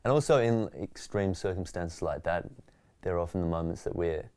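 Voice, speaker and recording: An Australian man, a stand-up comedian, telling stories in a relaxed, reflective way during an interview. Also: low voice, normal speed, no room sound. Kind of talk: interview conversation.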